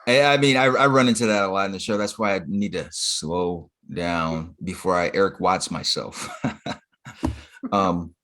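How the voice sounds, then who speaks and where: A man's voice: lowish voice, normal speed, a bit bright. A man co-hosting a podcast, recapping in laid-back, profane casual chat with plenty of fillers. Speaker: podcast co-host.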